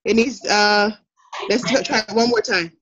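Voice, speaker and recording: A woman's voice: medium pitch, fairly even intonation, moderate pace, crowd noise. A woman with a Jamaican accent teaching an online class, giving instructions in an encouraging way with fillers. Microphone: video call. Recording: muffled video call audio.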